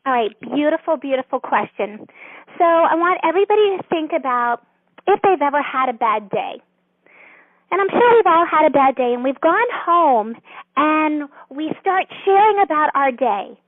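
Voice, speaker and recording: A woman author, a guest on an interview, explaining a counseling method in a gentle, earnest, teacherly way. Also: high-pitched, expressive, moderate pace, dry recording. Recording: dry phone-line sound.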